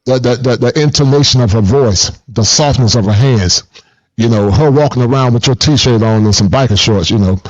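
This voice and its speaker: A man's voice: medium pitch, normal speed. Emphatic man talking in a lo-fi recording. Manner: animated, repetitive, emphatic. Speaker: therapist and host. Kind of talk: casual conversation.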